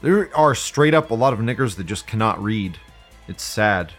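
A man's voice: fairly low pitch, expressive, normal speed, soft background music. A man hosting a live stream, ranting casually in a profane, sardonic way and laughing often. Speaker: live-stream host reading viewer comments.

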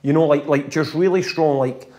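A Scottish man with a slightly higher voice tells football stories in easy, animated chat. He laughs his way through the funny bits and keeps the tone relaxed and conversational. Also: moderate pace. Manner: animated, laughs often while telling stories. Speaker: former footballer guest. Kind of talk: casual storytelling chat.

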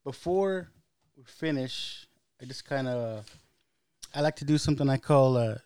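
A man's voice: mid-range voice, expressive, a little slow, a little mellow, smooth, dry recording, studio quality. A man hosting a podcast interview, easygoing and casual, with frequent hesitant ums between his questions. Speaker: podcast host.

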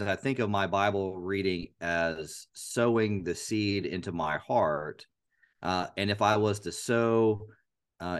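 Very deep-voiced earnest man. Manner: earnest, animated, repeats phrases to illustrate. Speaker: podcast co-host. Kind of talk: casual Bible discussion.

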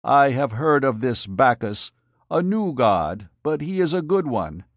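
A man's voice: mid-range voice, sing-song, a little slow, no room sound, pitched above the performer's own voice. A man voicing a fat, jovial, shrewd man who lisps in a storybook reading. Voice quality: lisping.

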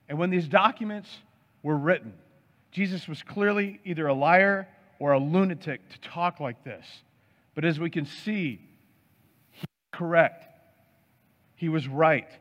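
Pastor, man, slightly high voice, emphatic sermon delivery, muffled audio with long hall echo. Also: fairly bright tone. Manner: emphatic preaching with piled-up word lists. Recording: dull sound with long hall reverb.

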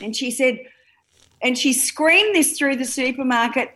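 A middle-aged woman with an Australian accent, a guest's mother, telling a lively story in an interview. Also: sits high, normal speed.

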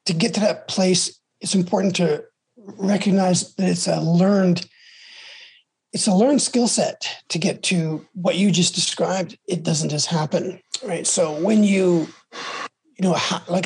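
A woman's voice: on the low side, measured pace, darkish tone, husky. A woman hosting a candid conversation about recovery, telling stories frankly and rambling with many restarts.

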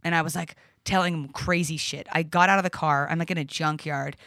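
A woman's voice: sits low, steady tone, brisk, a bit bright, no echo, clean studio sound. Rambling, swearing woman telling a story. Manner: rambling, profane, lots of fillers. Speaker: podcast guest. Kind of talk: casual storytelling chat. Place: podcast studio.

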